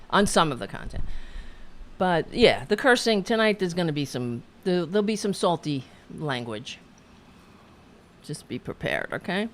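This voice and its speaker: A woman hosting a political commentary show, ranting angrily with cursing and halting restarts. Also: sits low, a little hiss or hum. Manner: profane, heated, halting restarts. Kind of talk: angry political rant.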